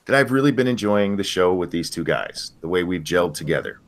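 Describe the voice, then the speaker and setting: A man's voice: deep voice, animated, a little fast. An older man hosting a casual livestream chat, telling stories with swearing and jokes. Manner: profane, joking storyteller. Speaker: stream host.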